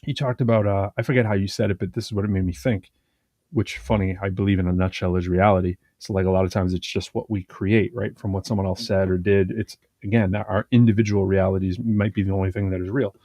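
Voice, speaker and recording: A man co-hosting a podcast, retelling a show in a rambling, animated way full of fillers and restarts. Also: sits low, quick pace, no room sound, studio quality. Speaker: podcast co-host. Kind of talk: casual conversational chat.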